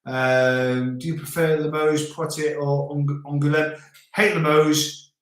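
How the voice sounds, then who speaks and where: A man's voice: on the high side, flat delivery, a little slow, fairly bright tone. A middle-aged man hosting a casual livestream, reading viewer comments aloud in a chatty way and trying out French words. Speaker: livestream host. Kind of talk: casual live chat. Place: home, indoors. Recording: very echoey room.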